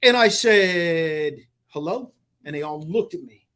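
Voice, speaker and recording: A man's voice: fairly high pitch, expressive, measured pace, a crowd in the background. A man co-hosting a podcast, telling a travel story in casual chat and acting out the conversations he quotes. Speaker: podcast co-host.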